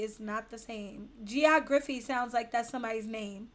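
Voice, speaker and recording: A woman's voice: on the high side, a little fast, few pauses, sharp tone. A woman hosting a casual livestream, reading viewer comments aloud in a brash, profane and teasing way. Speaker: livestream host.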